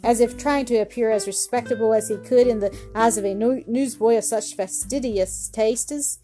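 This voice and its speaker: A woman reading a storybook tale aloud in a measured, clear way, her voice sitting on the high side. Soft music plays faintly behind her. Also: fairly even intonation. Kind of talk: scripted narration.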